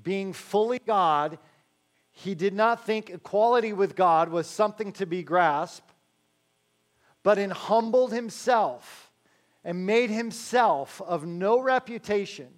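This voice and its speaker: High-voiced preacher joking with his congregation. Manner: conversational, joking asides with the congregation; slows to stress key phrases, then rattles along quickly. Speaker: pastor. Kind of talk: sermon.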